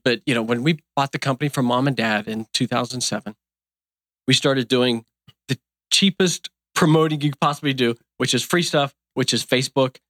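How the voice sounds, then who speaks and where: A man's voice: a little high, a bit bright, no echo, clean studio sound. Earnest folksy man in his fifties. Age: 50s. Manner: earnest, folksy, rambling with many restarts. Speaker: donut shop owner. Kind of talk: casual interview talk.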